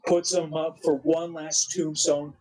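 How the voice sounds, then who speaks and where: A man narrating a wrestling simulation game with an excited play-by-play recap, animated and full of restarts. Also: a little high, low-quality recording. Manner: animated, quick, with frequent restarts.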